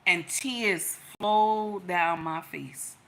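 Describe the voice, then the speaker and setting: A woman's voice: on the low side, drawn-out words, fairly bright tone. A woman giving relationship advice through a personal story, emphatic, repeating lines and calling her listeners y'all and baby.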